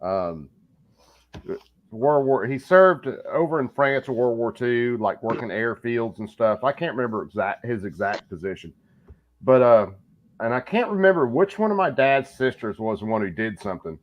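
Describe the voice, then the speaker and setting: A man tells a humorous story with lots of pitch movement and a playful delivery. The recording sounds a bit muffled and lo-fi. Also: moderate pace. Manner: lively, joking storyteller. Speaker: podcast co-host. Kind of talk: casual storytelling chat. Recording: slightly dull lo-fi audio.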